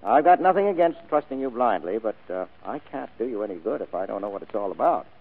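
An actor playing a hard-boiled private detective in a vintage radio drama, terse and dryly wisecracking. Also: male voice, fairly low pitch, big pitch swings, fast talker, slightly rough, exaggerated voice. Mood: dry, wry. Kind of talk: 1940s radio acting. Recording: tinny old radio broadcast recording.

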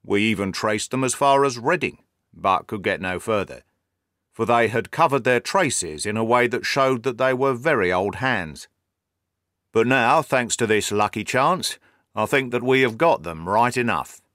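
Man voicing a brisk, hearty police inspector. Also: medium pitch, lively intonation, fairly bright tone, no echo, clean studio sound.

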